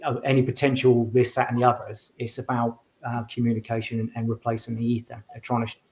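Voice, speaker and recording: A man's voice: medium pitch, completely flat delivery, quick pace, a little mellow. A man talking as a guest in a casual interview, rambling with frequent restarts and fillers. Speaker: guest, medium and author. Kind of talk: casual conversation.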